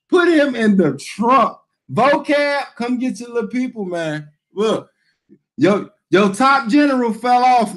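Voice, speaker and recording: A man, a priest, giving a reaction commentary on a video, laughing uncontrollably and shouting out exclamations in slangy, repetitive bursts. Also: very high voice.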